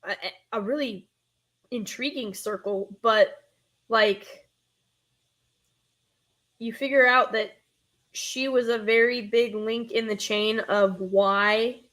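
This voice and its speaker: A young woman with a Northern US accent hosts a casual nostalgia live stream, rambling, reading chat aloud, and interrupting herself. Her voice is a little high and a bit bright, with fairly even intonation, a slow pace, and frequent pauses.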